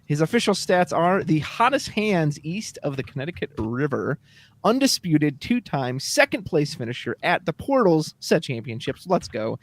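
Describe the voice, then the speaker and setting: Casting: easygoing man co-host, slightly high voice, dry close mic. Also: big pitch swings, normal speed, no room sound. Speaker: stream co-host and commentator. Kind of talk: casual chat, reading player introductions.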